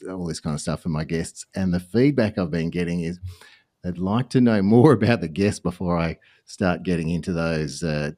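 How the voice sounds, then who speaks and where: A man's voice: low-pitched, darkish tone. A man with an Australian accent, hosting a podcast and chatting easily with restarts. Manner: friendly, chatty, with restarts and fillers. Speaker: podcast host. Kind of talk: podcast interview, casual chat.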